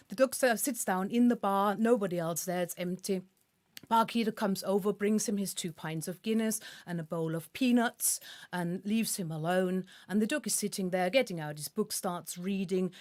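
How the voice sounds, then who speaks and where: A woman's voice: mid-range voice, darkish tone, no echo. A woman co-hosting a live music chat stream, telling jokes casually and laughing easily. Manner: laughs easily, rushes through joke lines. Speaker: co-host, singer-songwriter.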